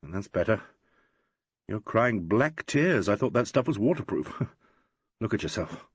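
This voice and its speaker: A man reading an audiobook voices a calm detective in a slightly lower, steady, matter-of-fact way with dry humour. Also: unhurried, slightly rough, no echo, dull audio, heavily acted. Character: calm, dryly humorous male detective.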